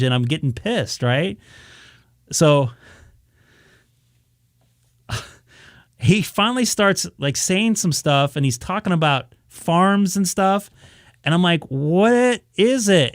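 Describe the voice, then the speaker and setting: A man's voice: fairly high pitch, dry recording, clean studio sound. A man on a ham radio live stream, casually telling a story and acting out his own reactions. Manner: animated, acts out his own reactions, many restarts.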